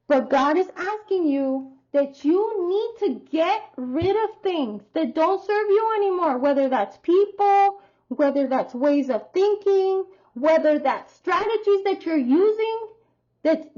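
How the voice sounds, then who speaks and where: A high-pitched woman talks her viewers through a tarot reading at an unhurried pace. She rambles in a chatty way and acts out her stories with feeling. The sound is a little dull and lo-fi. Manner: chatty, rambling, expressive storytelling. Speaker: tarot reader.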